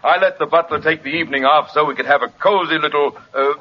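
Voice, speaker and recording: An actor playing a genial society doctor with a chuckling, slightly hesitant manner. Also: male voice, a little high, fast talker, lo-fi sound, a little hiss or hum, lightly acted. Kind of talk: old radio comedy acting.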